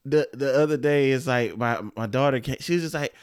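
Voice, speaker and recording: A man's voice: mid-range voice, fairly quick, smooth, dry recording, clean studio sound. Easygoing man telling family stories. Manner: relaxed storyteller, acts out family quotes. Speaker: podcast co-host. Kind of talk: casual chat.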